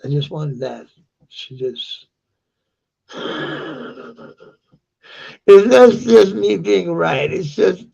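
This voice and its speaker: A man's voice: a little high, gravelly, a little mellow, breathy edge, muffled recording. A man with a Danish accent ranting heatedly to camera, swearing and repeating himself. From Denmark. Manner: heated, profane, repetitive ranting. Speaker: vlogger. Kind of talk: angry rant to camera.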